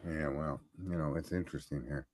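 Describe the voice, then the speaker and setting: A man's voice: a bass voice, steady tone, brisk, a little mellow, a little hiss or hum. A man co-hosting a casual political chat, rambling, swearing often and restarting his sentences. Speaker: podcast co-host.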